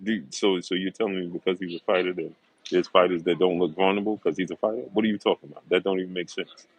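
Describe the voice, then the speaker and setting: A man's voice: sits low, fairly even intonation, fast talker, breathy edge, rough recording. A middle-aged man hosting a sports livestream, greeting viewers by name and making confident, emphatic predictions, repeating himself for stress. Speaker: sports talk show host.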